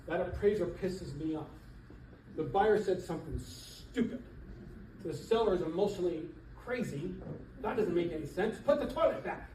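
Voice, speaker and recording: A middle-aged man, a real estate coach, giving an animated motivational seminar talk to an audience in a church hall. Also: sits high, moderate pace, a little hiss or hum. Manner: emphatic, animated, laughs between points. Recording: echoey hall, voice from far off.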